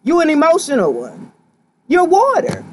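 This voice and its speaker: A woman's voice: high-pitched, wildly swooping pitch, moderate pace, slight background noise. A woman giving a live tarot reading to her viewers, talking straight at them in a sassy, slangy, direct way. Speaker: tarot reader.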